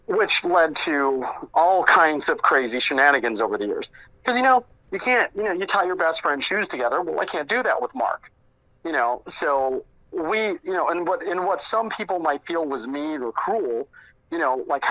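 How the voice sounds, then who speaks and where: Rambling animated man telling stories. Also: fairly high pitch, moderate pace, muffled recording. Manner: rambling, animated, many fillers and restarts. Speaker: interview guest, friend recounting memories. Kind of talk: casual storytelling interview.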